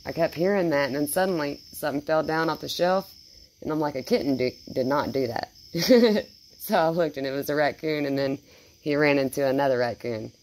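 A woman talking casually and cooing praise in a soft, baby-talk tone, outdoors at night. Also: low-pitched, fairly quick, a little hiss or hum. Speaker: vlogger. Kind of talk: casual talk to a wild animal.

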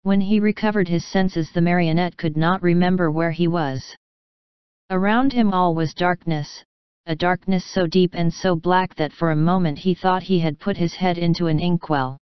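A woman narrating a children's classic as an audiobook reader, gently addressing the listening children. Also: on the low side, fairly even intonation, moderate pace, clear, resonant tone, no room sound. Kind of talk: scripted storybook narration. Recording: slightly muffled, dry.

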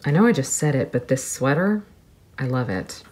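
A woman narrating an unboxing video, soft-spoken and gushing, moving between quiet murmurs and excited exclamations. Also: rumbling low, moderate pace. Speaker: vlogger.

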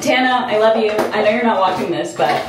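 A woman's voice: medium pitch, expressive, brisk. A young woman vlogging casually, telling a storytime with lots of "like" fillers. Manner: chatty, filler-heavy with frequent "like". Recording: echoey room with faint ambient noise.

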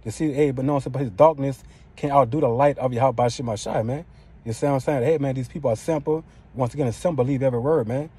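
A man's voice: mid-range voice, fast talker, dark tone, breathy edge. A man preaching an informal sermon in a profane, street-style way. He keeps throwing in "man" and "you know what I'm saying".

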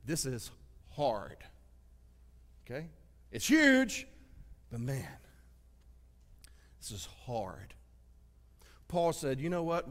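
A man with a Southern US accent preaching a sermon as pastor, swinging from loud exclamations to hushed asides. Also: mid-range voice, huge pitch swings, drawn-out words, long pauses. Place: church sanctuary. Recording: reverberant church sanctuary.

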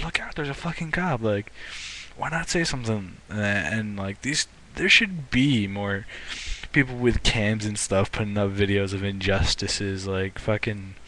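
A man's voice: on the low side, pushed and bright. A young man ranting into the camera as a vlogger, swearing a lot and often restarting his sentences. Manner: profane and indignant, restarting often. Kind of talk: ranting commentary.

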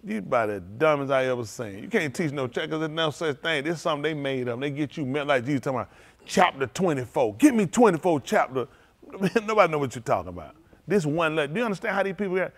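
Male pastor, loose vernacular sermon delivery, moves between low murmurs and loud high exclaiming. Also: sing-song, fast. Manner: speaks in informal, vernacular English.

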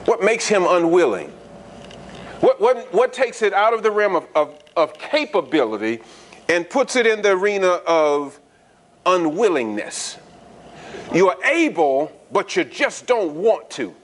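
A man's voice: high-pitched, very animated, a little slow, a little hiss or hum. A man preaching a sermon in a conversational style, asking the congregation frequent rhetorical questions and repeating words as he restarts. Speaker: pastor.

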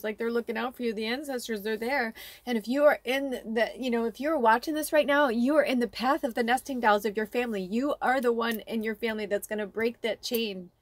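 A woman's voice: a little high, brisk. A woman working as a psychic medium gives a casual spiritual card reading to her viewers. She rambles in a heartfelt way, filling her talk with "like" and "you know" and swearing now and then.

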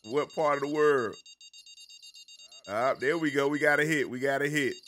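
A man's voice: mid-range voice, normal speed, pauses often, a bit bright, a little hiss or hum. Laid-back Southern American man streaming. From American South, the Carolinas. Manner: laid-back, chatty, greets viewers by name. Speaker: game streamer. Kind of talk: casual live-stream chat with viewers.

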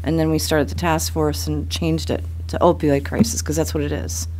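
A man's voice: a little high, little pitch movement, normal speed, a little mellow, slight background noise. A man, a county official, speaking bluntly at a public meeting and pressing pointed rhetorical questions.

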